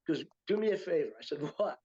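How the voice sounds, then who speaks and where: A man's voice: on the high side, expressive, very fast, dark tone, highs cut off. An older man from upstate New York, a retired teacher and writer, telling a story in a casual interview with many fillers and restarts. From Utica, New York, USA.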